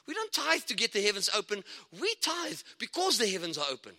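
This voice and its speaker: A man preaching a lively sermon as a guest speaker, excitable and chatty, with asides and laughter between points. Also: sits high, fairly quick, hardly any pauses. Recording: long hall reverb.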